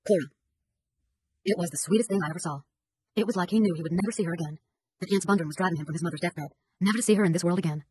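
A woman's voice: on the low side, very fast, a little mellow, slight background noise. A woman reading a first-person chapter of a novel as an audiobook, with an indignant, gossipy manner. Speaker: audiobook narrator.

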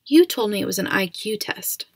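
A woman's voice: mid-range voice, lively intonation, normal speed, no room sound, clean studio sound. A woman voicing a shy, anxious young boy in a storybook reading, with a small, pleading delivery. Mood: worried.

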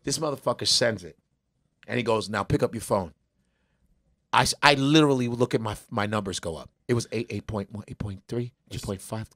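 Middle-aged male comedian from Nigeria; loud, profane, slips into voices as he tells stories. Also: medium pitch, brisk. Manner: loud, profane, acts out people in quoted voices. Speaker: comedian guest. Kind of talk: animated storytelling with voices.

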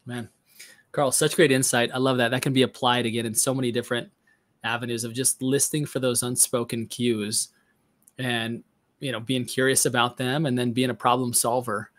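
A man's voice: mid-range voice, flat delivery, normal speed, fairly bright tone. A man hosting a podcast interview who reflects on his guest's points and thinks aloud, with fillers. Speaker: podcast host. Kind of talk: conversational interview.

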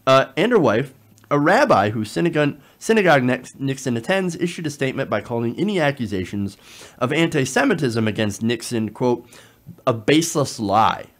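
A man giving online political commentary, talking in an animated, sarcastic way with frequent fillers. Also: medium pitch.

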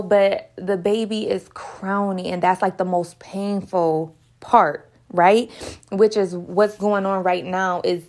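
A woman in her own talk giving earnest, emotional spiritual encouragement. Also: lowish voice. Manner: earnest, repetitive, emotional, sometimes near tears. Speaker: online Christian speaker.

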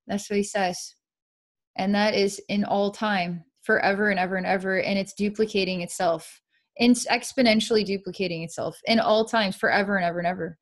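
A woman psychic guides a client through an energy-healing session. Her voice is soft, often broken by sighs. She describes her visions in a dreamy, repetitive way. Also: medium pitch, steady tone, brisk.

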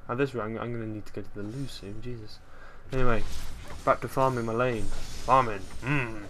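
A man talks over his gameplay in a relaxed, rambling commentary. He keeps undercutting himself with dry, self-mocking jokes. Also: medium pitch, normal speed, a little hiss or hum. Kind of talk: casual game commentary.

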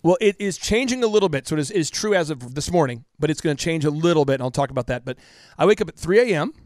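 A man's voice: on the high side, animated, racing, no echo. Emphatic man, dry studio. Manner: emphatic, repetitive, drops to a hush for emotional parts. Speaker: podcast guest, business coach. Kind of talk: impassioned storytelling interview.

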